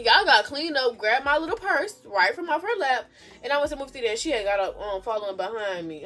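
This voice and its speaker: Telling a storytime at a quick pace, this young vlogger is sassy and animated in a casual, chatty way. She veers from loud bursts to quiet mumbling.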